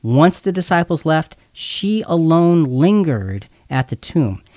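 A man's voice: fairly high pitch, sing-song, takes it slowly, warm tone, dry recording, clean studio sound. A man teaching a Bible passage in an earnest, explanatory way, sometimes stumbling and repeating words. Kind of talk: explanatory scripture talk.

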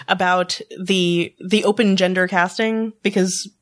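A woman's voice: lowish voice, fairly even intonation, slow pace. A woman chatting casually on a podcast, laughing often and restarting her words. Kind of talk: casual chat.

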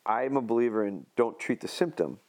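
A man's voice: mid-range voice, expressive, fairly quick, vocal fry, a little mellow. Man, dog trainer, podcast chat, homespun analogies, lots of restarts.

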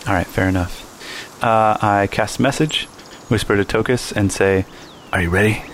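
A man's voice: lowish voice, steady tone, unhurried, slight background noise. A man playing a tabletop game, answering in short, easygoing replies. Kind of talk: casual tabletop play.

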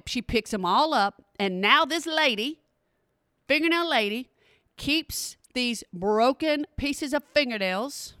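A woman's voice: on the high side, a bit bright, no room sound, clean studio sound. A woman host telling a story with comic emphasis, talking straight to her listeners and pressing them to hear her out. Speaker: comedic host.

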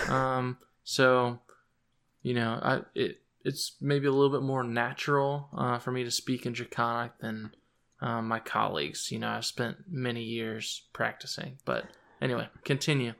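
A man's voice: mid-range voice, steady tone, measured pace, gravelly, a bit bright. A man playing a tabletop game, talking hesitantly with many fillers. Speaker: player. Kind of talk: casual chat.

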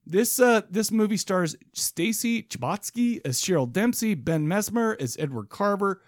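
A man's voice: high voice, expressive, measured pace, dry recording, clean studio sound. A man co-hosting a podcast, telling a rambling story in casual banter with lots of restarts. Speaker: podcast co-host.

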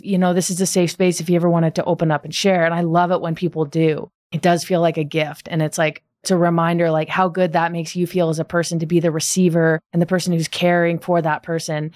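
A woman's voice: on the low side, little pitch movement, a little fast, few pauses, a little mellow, no room sound. A woman co-hosting a podcast, speaking in an earnest, reflective way with many "like"s. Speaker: podcast co-host. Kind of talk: conversational podcast talk.

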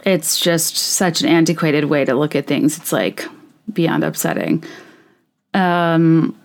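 Candid woman host, lowish voice. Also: slow pace, creaky. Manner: candid, indignant, talks with many "like" fillers. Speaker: podcast host reading listener stories. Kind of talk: casual chat and reading aloud.

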